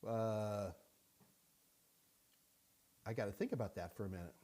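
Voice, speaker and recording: A man's voice: on the low side, measured pace, warm tone. A man hosting a live-stream Q&A. He chats casually, jokes, and greets viewers by name. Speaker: host answering viewer questions. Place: Houston studio.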